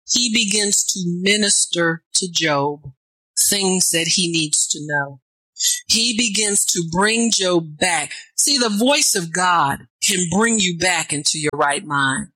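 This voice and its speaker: A medium-pitched female preacher reads scripture and responds to her own lines, call-and-response style, rising toward fervent near-shouts. The recording is dry and rough.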